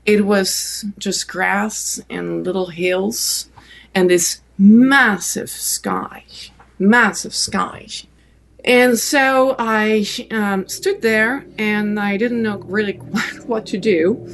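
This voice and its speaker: A middle-aged woman with a French accent, speaking as an interview guest. Her voice is gravelly and mid-pitched. She tells her story in a lively, rambling way, restarting sentences often. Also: extremely slow. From France. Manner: animated, many restarts and fillers. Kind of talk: casual storytelling.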